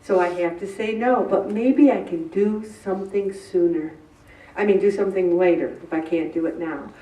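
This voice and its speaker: This middle-aged inspirational speaker gives a humorous faith talk about stress, joking and acting out little quoted exchanges in a chatty way. Her voice is medium-pitched and dark, at a moderate pace, picked up by a distant mic in an echoey room.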